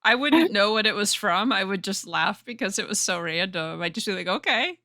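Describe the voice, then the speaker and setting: Podcast guest, casual chat, laughs a lot, easygoing, medium pitch, dry sound. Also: normal speed, bright, forceful tone, dry recording.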